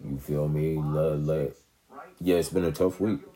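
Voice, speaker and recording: Talking to camera a little slowly, this vlogger has an extremely low, dark voice with fairly even intonation. He rambles in a relaxed, casual way and often checks in with his viewers, asking "you know what I'm saying."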